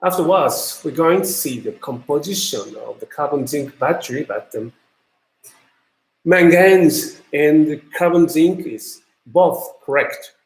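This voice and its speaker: A man with a Japanese accent who speaks Japanese natively, giving a university lecture in English in a halting way, with many fillers and restarts. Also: on the high side, animated. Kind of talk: recorded lecture. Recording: echoey room.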